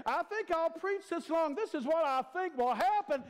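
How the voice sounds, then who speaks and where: This man in his fifties, preaching as a guest in a church sanctuary, has a very high voice with lively intonation and a moderate pace. He stretches out his words in an emphatic, repetitive cadence, and the recording carries long church hall reverb.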